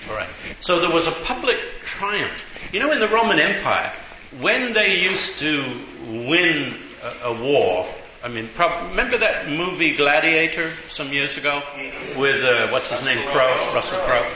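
A man's voice: a little high, lively intonation, a little slow, few pauses, sharp tone, echoey room, lo-fi sound, slight background noise. A man preaching a sermon, telling a story in a chatty way, full of asides, and acting out the voices in it.

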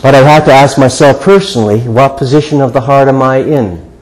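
A man's voice: mid-range voice, fairly quick, darkish tone, rough recording. An older man preaching a sermon to a congregation in an earnest, conversational way, with repeated rhetorical questions. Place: church sanctuary before a congregation.

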